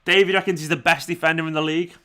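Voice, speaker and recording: A young man hosts a live football watchalong. His voice sits a touch high and sounds bright and forward. He talks in a loose, chatty way, laughing often as he reads out viewer comments. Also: steady tone, very fast. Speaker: fan channel host.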